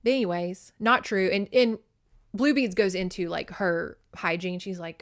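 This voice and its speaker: A young woman hosting a podcast, talking through a book she just read in a loose, chatty way. Her pitch sits at an ordinary middle height, and she drops swear words freely while acting out scenes. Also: a little slow. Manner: chatty, swears a lot, acts out characters. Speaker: podcast host. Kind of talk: casual book recap.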